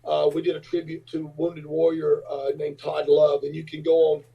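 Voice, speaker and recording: A man's voice: a little high, completely flat delivery, moderate pace, vocal fry, far from the mic, a little hiss or hum. A man in his fifties, a rock singer and businessman, telling rambling anecdotes with lots of fillers as a podcast guest. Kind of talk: casual storytelling. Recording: dull lo-fi audio.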